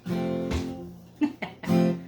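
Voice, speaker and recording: A tired woman from Canada, chatting casually between songs as host of a music show, laughing easily and sometimes hushing her voice. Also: very slow. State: tired from lack of sleep. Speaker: musician hosting a live show.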